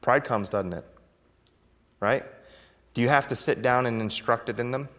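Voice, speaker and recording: A man preaching a sermon as a pastor, telling folksy stories with chuckles and emphatic swings in loudness. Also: medium pitch, normal speed, long reverb tail.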